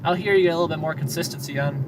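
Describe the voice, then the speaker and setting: A man's voice: a little high, rapid-fire, very noisy. A talkative man from Wisconsin with a Wisconsin accent, rambling casually to his live-stream viewers from a parked car. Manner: talkative, rambling, self-deprecating. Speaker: live-streaming news chaser.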